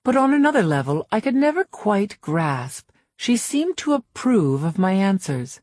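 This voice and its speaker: A woman narrating a novel in the first person, in a measured, reserved way. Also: mid-range voice, very animated, a little mellow, dry recording, clean studio sound. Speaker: audiobook narrator. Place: recording studio. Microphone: close studio mic.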